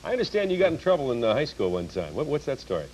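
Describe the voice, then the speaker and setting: A man hosting a daytime talk show, asking quick upbeat questions. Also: mid-range voice, wildly swooping pitch, a little mellow. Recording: noisy studio with audience. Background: studio audience.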